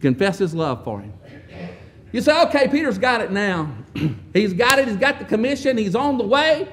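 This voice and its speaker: A man preaching a sermon, telling the story with wry asides and often clearing his throat. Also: high-pitched, very animated, moderate pace, fairly bright tone.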